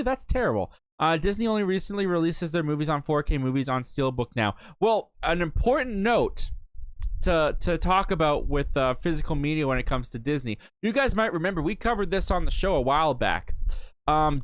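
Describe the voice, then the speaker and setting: A man's voice: a little high, smooth, dry recording. Upbeat young man reading chat comments. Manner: chatty, upbeat, reads out comments then reacts. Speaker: host of a live movie talk show. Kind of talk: casual live-stream chat reading viewer comments.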